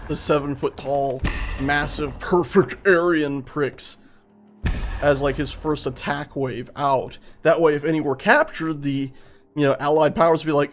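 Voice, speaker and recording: A young man giving rambling, excitable, profane commentary while streaming a game. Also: on the high side. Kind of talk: casual let's-play commentary.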